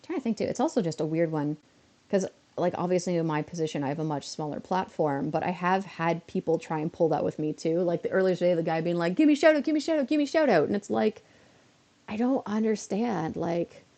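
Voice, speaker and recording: A woman live-streaming from home, chatting loosely as she plays. Her voice is mellow and low in brightness, with a gravelly fry running under her words. She slides into exasperated rants and tosses off quick asides. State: a bit unwell. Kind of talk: casual live-stream chat while gaming.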